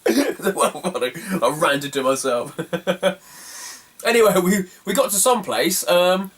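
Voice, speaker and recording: A man's voice: sits high, slow pace, breathy edge, recorded from a distance. A man, telling a rambling, self-mocking travel story in a casual video. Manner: rambling, self-mocking, laughs at his own stories. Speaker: retro game collector vlogger.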